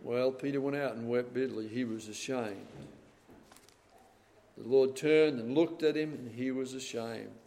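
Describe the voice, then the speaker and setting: A man preaching a sermon, swinging between loud dramatic passages and hushed, quiet ones. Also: mid-range voice, unhurried, slight background noise. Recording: long hall reverb.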